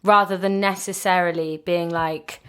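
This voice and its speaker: A woman in her thirties, a comedian guest, chatting in a lively, playful way in a home kitchen. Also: fairly low pitch, moderate pace, clean tone. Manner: lively, playful, slips into silly voices. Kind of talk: casual conversation.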